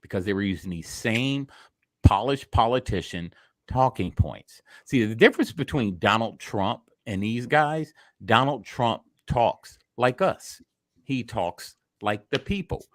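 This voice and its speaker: A man's voice: mid-range voice, animated, a little slow, dry recording, clean studio sound. A man co-hosting a reaction show, talking in a blunt, emphatic casual way.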